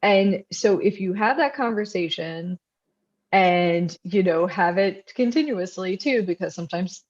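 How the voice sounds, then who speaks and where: A woman talking as a guest author in a casual conversation, chatty with lots of fillers and playful quoted voices. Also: medium pitch. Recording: dull lo-fi sound.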